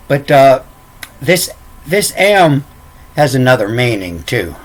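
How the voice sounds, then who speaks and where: A man explaining ancient letters off the cuff, halting and repeating words, spelling out letters one at a time. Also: mid-range voice, very animated. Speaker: self-taught lecturer.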